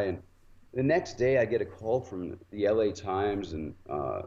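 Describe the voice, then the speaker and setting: A man telling an animated anecdote in casual conversation, acting out quotes as he goes. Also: fairly low pitch, moderate pace, lo-fi sound, a little hiss or hum. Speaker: guest author. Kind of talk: casual storytelling.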